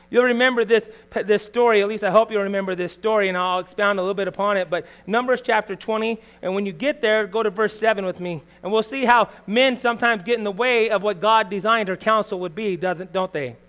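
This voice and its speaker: A middle-aged man preaching a sermon in a voice that sits high for a man. He talks to the congregation conversationally and keeps tossing in tag questions. He swings between punchy, loud emphasis and quiet asides. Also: fairly quick, clean tone. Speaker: pastor.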